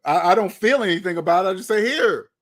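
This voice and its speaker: A man's voice: high-pitched, steady tone, rapid-fire. A man giving blunt, lecturing commentary on money and debt, often repeating himself. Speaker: finance commentator. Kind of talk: opinionated video commentary.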